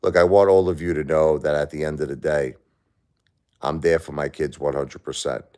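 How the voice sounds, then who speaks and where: A grieving man talking to his viewers on a live stream, halting and repeating himself. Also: a bass voice, steady tone, mellow, smooth. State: grieving, stressed. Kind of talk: emotional live-stream chat.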